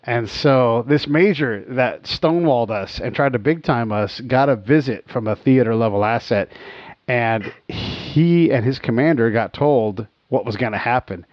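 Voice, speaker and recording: A man hosting a podcast, telling stories in an animated, casual way and laughing often. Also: medium pitch, unhurried, no room sound. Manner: animated, laughing, breaks into quoted voices. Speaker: podcast host. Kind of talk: casual storytelling. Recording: dry, dull lo-fi sound.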